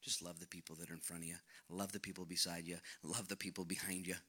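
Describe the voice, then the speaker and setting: Middle-aged male pastor, very bright tone, conversational jokey sermon delivery. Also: low-pitched, fast talker, husky. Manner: energetic, conversational, jokey, with big swings in loudness.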